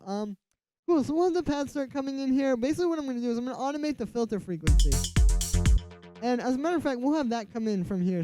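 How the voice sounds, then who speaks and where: A man's voice: extremely high pitch, no room sound. A man teaching music production in a casual tutorial, rambling and filling his talk with "like". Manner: rambling, fills speech with "like". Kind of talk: casual screen-recorded tutorial. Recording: music track playing under the voice. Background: electronic music playing loudly.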